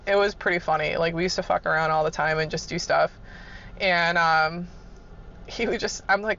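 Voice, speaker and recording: A woman's voice: on the low side, a bit bright, muffled recording. A woman telling casual work stories in a laid-back, chuckling way, swearing freely. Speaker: vlogger. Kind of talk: casual storytelling.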